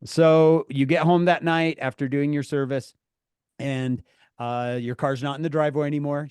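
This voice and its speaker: A man teaching a class of teenagers over a video call, telling an animated story and acting out the dialogue in different voices. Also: on the high side, moderate pace, clear, resonant tone, dry recording.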